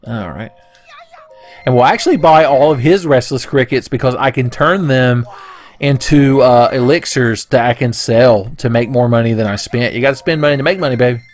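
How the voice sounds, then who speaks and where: A man's voice: mid-range voice, moderate pace, soft background music. A young man casually commentating a video game playthrough, joking, swearing and putting on silly voices. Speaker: let's play commentator.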